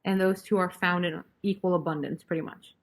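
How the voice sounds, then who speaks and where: A woman's voice: fairly low pitch, steady tone, brisk. A young woman leading an online chemistry review session, talking casually and joking sarcastically with her students. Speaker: chemistry tutor.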